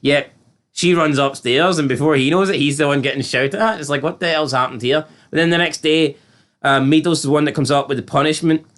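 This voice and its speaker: A man's voice: a little high, brisk. Chatty man recapping a show. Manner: chatty, rambling, incredulous, animated retelling with quoted voices. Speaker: podcast co-host reviewing a TV episode. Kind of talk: casual chat.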